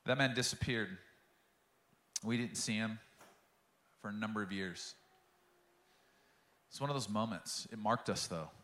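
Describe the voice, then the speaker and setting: A man's voice: on the low side, unhurried, pauses often, pushed and bright, echoey room. A man preaching a sermon as pastor, telling a story with passion and acting out the quotes.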